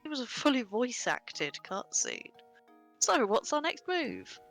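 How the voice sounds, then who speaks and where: Gravelly-voiced woman co-streaming a game. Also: fairly high pitch, wildly swooping pitch, a little slow, a bit bright, faint music behind. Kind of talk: casual let's-play chat.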